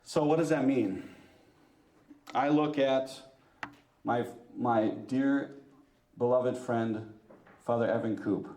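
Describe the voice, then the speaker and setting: A man giving a lively, joking talk to a women's church group, teasing himself and asking the audience questions. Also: mid-range voice, slow pace, pauses often, reverberant, recorded from a distance. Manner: lively, joking, self-mocking, asks the audience. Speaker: parish speaker. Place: church meeting room.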